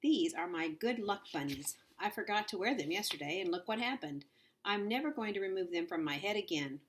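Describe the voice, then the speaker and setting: A woman voicing an excitable, anxious young girl in a read-aloud storybook, breathless and pleading. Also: medium pitch, brisk, lightly acted. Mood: fretful.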